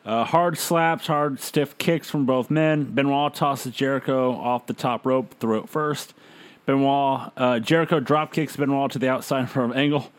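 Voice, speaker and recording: A man's voice: medium pitch, unhurried. Man casually recapping a show. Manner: recounts events plainly with many "uh" fillers. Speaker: podcast host recapping wrestling.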